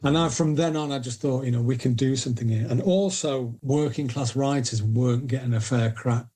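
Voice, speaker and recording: A middle-aged man with a Northern English accent, chatting as a guest on a podcast. He tells long, self-mocking anecdotes in a warm, mellow voice. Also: mid-range voice, fairly quick. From Northern England. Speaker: guest, indie publisher. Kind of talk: casual storytelling interview.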